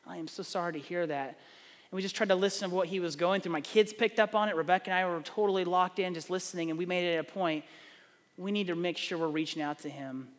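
A man's voice: sits high, quick pace, long reverb tail. A middle-aged man, preaching a sermon, telling stories and acting out the dialogue. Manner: animated storytelling, acts out dialogue. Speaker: pastor.

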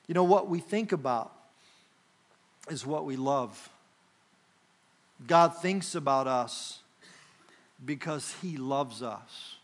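A middle-aged man preaching a sermon as pastor, with dramatic pauses and rising emphasis. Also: high voice, a bit bright.

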